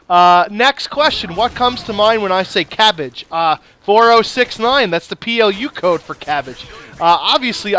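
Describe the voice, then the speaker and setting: A young man rants and jokes through a gaming video, swearing constantly. His voice sits high for a man and sounds bright and forceful. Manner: profane, ranting, sarcastic. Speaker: gaming YouTuber. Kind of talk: casual ranting commentary over gameplay.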